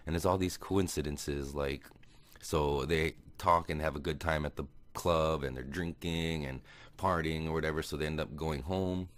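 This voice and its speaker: A man casually recapping a movie plot as a podcast host. He rambles, fills pauses with ums, corrects himself and chuckles now and then. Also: a bass voice, steady tone, fairly bright tone. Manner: rambling, with many fillers and self-corrections.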